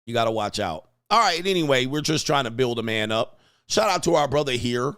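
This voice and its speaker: A man's voice: mid-range voice, animated, brisk, a bit bright, clean tone. A man hosting a casual livestream, joking loosely with slangy, profane street talk, laughing often and reading viewer comments aloud. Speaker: livestream host.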